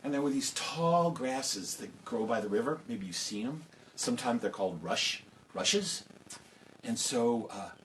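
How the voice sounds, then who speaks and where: A man telling a folk tale to children, lively and conversational with casual asides. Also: medium pitch, a little hiss or hum, low-quality recording. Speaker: storyteller. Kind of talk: oral storytelling for children.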